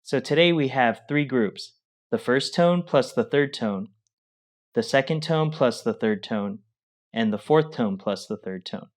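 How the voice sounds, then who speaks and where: A man's voice: mid-range voice, animated, measured pace. Man explaining a tone lesson. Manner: encouraging, explanatory. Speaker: co-host of language lesson. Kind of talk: instructional explanation.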